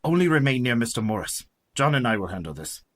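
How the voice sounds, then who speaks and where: A man's voice: medium pitch, very animated, quick pace. A man voicing an older male vampire-hunting professor in a radio play, speaking in a formal, commanding way. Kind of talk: community radio play acting.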